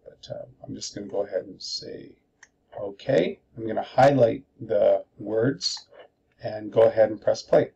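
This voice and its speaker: A man's voice: lowish voice, a little slow, gravelly, dark tone, breathy edge, lo-fi sound. A male teacher giving a screencast tutorial, explaining methodically step by step.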